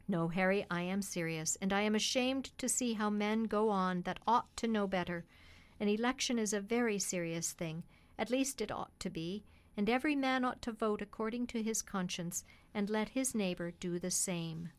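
A woman reading the part of a principled working cab driver, a father who speaks gravely and firmly. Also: medium pitch, normal speed, natural voice. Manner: grave, firm and earnest. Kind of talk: reading a children's classic on radio.

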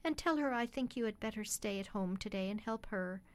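A woman reading the part of a principled working cab driver, a father who speaks gravely and firmly. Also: mid-range voice, a little fast, lightly acted. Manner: grave, firm and earnest. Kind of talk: reading a children's classic on radio.

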